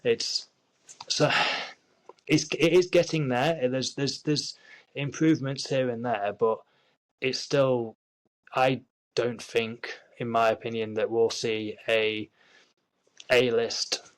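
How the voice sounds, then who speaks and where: A young man with a Yorkshire accent speaks in a casual interview, at a middling pitch. He rambles, restarts his sentences and fills pauses with ums and likes. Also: fairly even intonation, low-quality recording. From Yorkshire, England. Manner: rambling, frequent restarts and fillers. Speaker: actor, interview guest.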